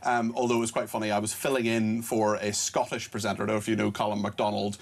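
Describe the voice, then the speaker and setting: A man with a Northern Irish accent hosting a studio panel discussion, chatty and brisk, reading out viewer messages. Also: lowish voice, flat delivery, vocal fry. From Northern Ireland. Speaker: presenter.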